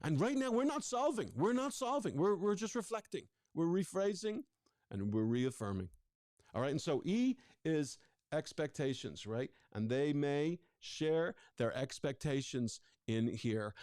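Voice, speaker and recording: A man's voice: fairly high pitch, big pitch swings, measured pace, a little mellow, no echo, clean studio sound. A man presenting a live online workshop on conflict, talking energetically, often repeating words and putting questions to his audience. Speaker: relationship coach presenting a workshop.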